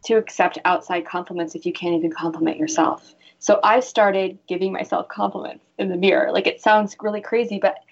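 A woman's voice: fairly low pitch, fairly even intonation, fairly quick, gravelly, hardly any pauses, muffled recording. A woman who works as a bra fitter, talking earnestly in a casual interview and telling stories with animation.

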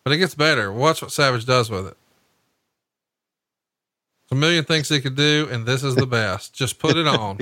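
A man co-hosting a podcast, telling animated, profane stories while commenting on a match. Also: medium pitch, moderate pace, long pauses, no room sound. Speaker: podcast co-host. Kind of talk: casual commentary while watching wrestling.

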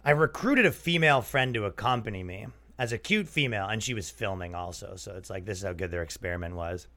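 This is a young man talking casually on his comedy podcast. His pitch swings freely up and down as he riffs and jokes. He keeps the tone loose, often sliding into mock voices to act out a bit. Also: lively intonation, fast, pushed and bright. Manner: loose, joking, jumps into exaggerated mock voices. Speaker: podcast host.

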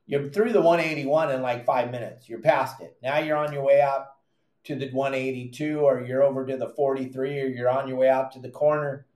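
A man's voice: a little high, a little mellow, reverberant. A man hosting a fishing podcast, giving emphatic, repetitive advice and calling his listeners "gang". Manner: emphatic, repeats points, addresses listeners as "gang". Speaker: fishing podcast host and charter captain. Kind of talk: animated advice monologue.

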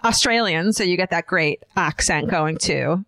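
A woman co-hosting a podcast in casual chat, animated and swearing freely. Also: on the low side, unhurried, no echo, clean studio sound. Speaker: podcast co-host.

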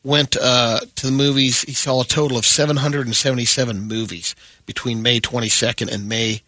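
Man, radio co-host, bright voice, slightly high pitch, dry studio sound, casual story reading. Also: flat delivery, fairly quick, no echo. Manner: reads out news stories casually. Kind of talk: morning radio banter.

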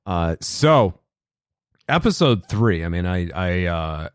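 A man co-hosting a podcast in casual chat, telling stories with lively acted-out quotes. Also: low-pitched, takes it slowly, clean tone, dry recording, clean studio sound. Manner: animated storyteller, acts out quotes loudly. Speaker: podcast co-host.

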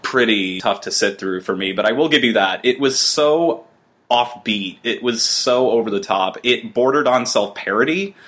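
A man co-hosting a TV review podcast, talking in a casual, sarcastic, exasperated way, spinning animated riffs about what he watched. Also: medium pitch, moderate pace.

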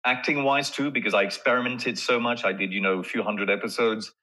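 A man being interviewed as an actor, talking in a casual, animated way and often laughing and restarting his sentences. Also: mid-range voice, fairly quick, low-quality recording. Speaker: actor guest.

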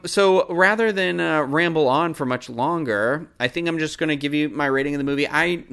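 A man's voice: mid-range voice, a bit bright, clear, resonant tone. Rambling, self-deprecating male podcaster. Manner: rambling, self-deprecating, loses his train of thought. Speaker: podcast host reviewing a film. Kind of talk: casual solo review monologue.

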